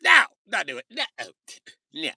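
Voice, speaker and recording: A man hosting a casual livestream rant, answering chat comments loudly, swearing and joking. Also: high voice, huge pitch swings, measured pace, slightly rough, dry recording, clean studio sound. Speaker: livestream host.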